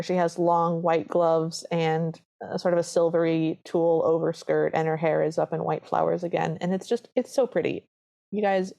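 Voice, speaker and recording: Mellow low-voiced woman podcaster. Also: creaky. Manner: gushing, animated storyteller. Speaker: podcast co-host. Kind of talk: casual film recap chat.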